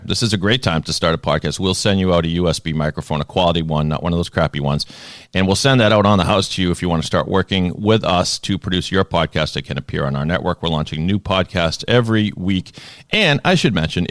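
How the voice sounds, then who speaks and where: A man's voice: sits low, dry recording, clean studio sound. A middle-aged man hosting a podcast, chatting casually and joking, with a frog in his throat. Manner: jokey, talkative, breaks off mid-phrase. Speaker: podcast host. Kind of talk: casual interview chat.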